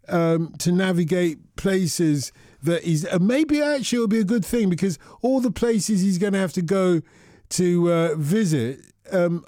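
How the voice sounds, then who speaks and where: A man's voice: a little high, mellow, dry recording. Male phone-in host, rambling and chatty, darker tone, dry studio sound. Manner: rambling, repeats himself, chatty. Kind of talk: casual radio chat with callers.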